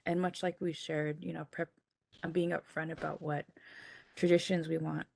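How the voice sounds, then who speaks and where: A young woman in her twenties speaking as a panelist in a video discussion, sharing a personal story softly and haltingly, with many pauses and fillers. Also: deep voice, level tone, gravelly. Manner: soft, halting, with frequent fillers.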